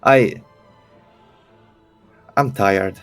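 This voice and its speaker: A hesitant man at a tabletop game, stammering through his turns in a low voice. Faint music sits behind him. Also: very slow, a bit bright. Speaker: player.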